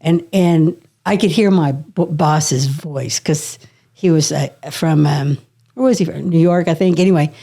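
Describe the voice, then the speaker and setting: Slightly slow and husky, this middle-aged woman's low-ish voice carries a lively, laugh-filled story. She's a podcast guest in a casual chat, now and then dropping a curse word.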